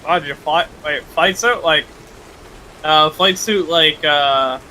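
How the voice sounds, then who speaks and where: High bright voice, guy cracking blunt jokes at the game table. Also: takes it slowly, a little hiss or hum, poor audio. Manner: joking, blunt. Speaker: player. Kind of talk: casual chat at a tabletop game.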